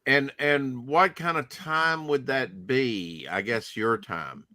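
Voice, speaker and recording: A man's voice: medium pitch, slow, sharp tone, no echo. A man hosting a casual online chat show, teasing his guests and steering the talk with questions. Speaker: podcast host.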